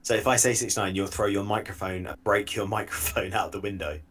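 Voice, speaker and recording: A man's voice: on the low side, steady tone, brisk, fairly bright tone, slightly rough. A man co-hosting a casual podcast, teasing his partner and laughing a lot. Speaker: podcast co-host.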